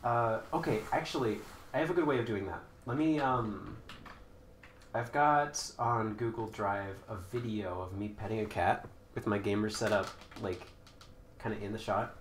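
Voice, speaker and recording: A man streaming a game from a couch, chatting and taunting opponents with sudden loud outbursts. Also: fairly low pitch, normal speed, reverberant, a little hiss or hum. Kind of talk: live gameplay chat. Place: indoors on a couch while house sitting.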